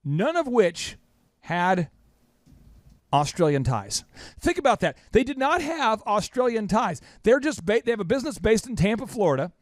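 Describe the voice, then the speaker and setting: A man's voice: sits high, big pitch swings, moderate pace, no room sound, clean studio sound. A man hosting a business podcast, talking with emphasis and putting questions to his cohost. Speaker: podcast host. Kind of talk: energetic business podcast talk.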